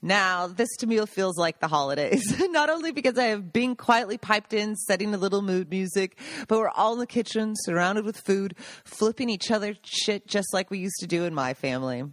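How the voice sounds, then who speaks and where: A woman's voice: mid-range voice, animated, normal speed, no echo. A woman podcast host reading a chapter from her own book aloud, breaking off for laughing side notes.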